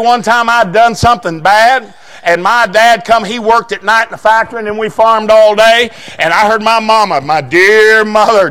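Man, pastor, sermon, folksy storytelling, shouting bursts, high-pitched. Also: smooth. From southeastern Indiana.

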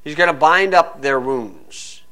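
A man's voice: a little high, animated, measured pace, pushed and bright. A man preaching a sermon, full of rhetorical questions, acting out hecklers and reading scripture aloud.

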